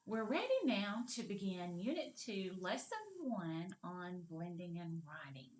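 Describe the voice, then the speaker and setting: A woman's voice: fairly low pitch, animated, a little slow, a little hiss or hum. A woman teaching a kindergarten literacy lesson. She talks patiently and encouragingly and stretches out the sounds and words she models. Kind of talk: slow, clearly modeled lesson for young children.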